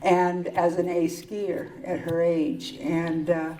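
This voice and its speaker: An older woman speaking candidly at a recovery meeting, telling her personal story in a wry, halting way with pauses and restarts. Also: lowish voice, flat delivery, recorded from a distance, crowd noise, poor audio.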